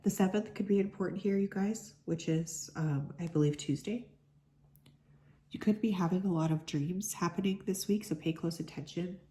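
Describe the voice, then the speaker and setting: A woman with a sick, hoarse voice giving a chatty collective card reading as a tarot reader, full of "like" fillers. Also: lowish voice, moderate pace, dark tone. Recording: echoey room.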